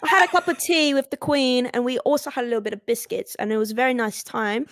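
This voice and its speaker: A woman's voice: on the high side, fairly even intonation, quick pace, fairly bright tone, no echo, studio quality. A woman putting on an exaggerated posh British accent, playing a prim lady bragging about tea. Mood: boastful.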